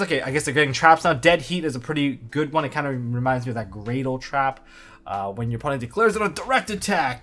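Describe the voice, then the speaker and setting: A man's voice: medium pitch, fairly bright tone. A man giving a casual, chatty card game set review, thinking aloud with offhand asides. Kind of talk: casual commentary.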